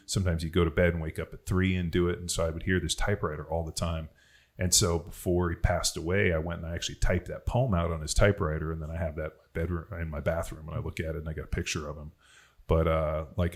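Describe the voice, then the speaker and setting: A podcast host talking in a loose, casual way, telling personal stories with plenty of swearing and fillers. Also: male voice, deep voice, breathy edge. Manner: loose, profane storytelling full of fillers.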